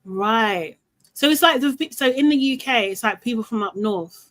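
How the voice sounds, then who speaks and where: A woman's voice: on the high side, moderate pace, a bit bright, no room sound, low-quality recording. Chatty woman, dry sound. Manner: chatty, rambling, trails off mid-sentence. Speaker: podcast host. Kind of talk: casual chat.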